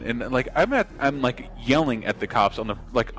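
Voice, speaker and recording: A man's voice: mid-range voice, moderate pace, few pauses, faint music behind. A young man from Florida telling a rambling story on a podcast, swearing a lot and acting out what people said. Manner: animated, rambling, swears a lot, acts out quotes.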